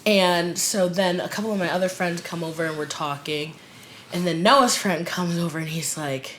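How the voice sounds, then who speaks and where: A young woman with a low voice tells how she met her fiancé, animated and laughing often as she acts out what everyone said. A faint rumble sits under the recording. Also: a little fast. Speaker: bride-to-be telling how they met. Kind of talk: casual storytelling to camera.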